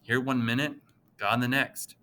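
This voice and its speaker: For an audiobook, a man voices a small, chatty older pharmacist who is nasal, friendly and gossipy. His delivery sits at medium pitch with fairly even intonation, a little slow, sounding pushed and bright.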